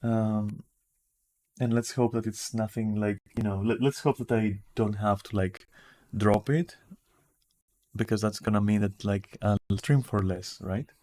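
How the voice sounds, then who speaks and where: A man streaming from home with a raspy, just-woken-up voice, rambling casually and swearing now and then. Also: fairly low pitch, steady tone, unhurried, dark tone. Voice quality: raspy morning voice. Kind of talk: casual livestream chat. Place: at home in front of a camera.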